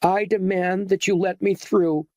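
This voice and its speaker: A man voicing a distraught young woman who shrieks and sobs in a very high-pitched voice. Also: lively intonation, a little slow, darkish tone, no room sound, clean studio sound. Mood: frantic.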